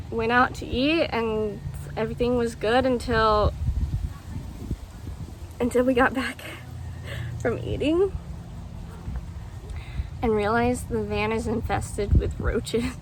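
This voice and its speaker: A woman's voice: a little high, low-quality recording. A young woman vlogger telling a story casually, rambling with lots of ums and acted-out quotes. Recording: faint background noise.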